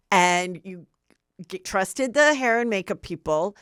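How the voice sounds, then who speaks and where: A woman's voice: mid-range voice, slow pace, a bit bright, clean tone, no room sound, studio quality. A woman hosting a podcast, telling stories in a chatty, enthusiastic casual way. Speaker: podcast host.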